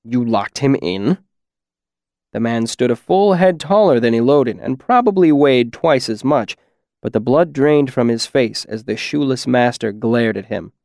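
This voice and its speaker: A man narrating a first-person story at a steady, even pace. His voice has a mid pitch. The recording is dry and close with no room sound. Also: normal speed, gravelly, dry recording. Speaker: audiobook narrator.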